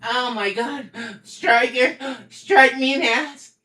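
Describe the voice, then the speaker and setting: Young man, excitable gamer, slow-talking, echoey room. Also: very high-pitched. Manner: loud, excitable, swears a lot. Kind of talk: excited gaming chat.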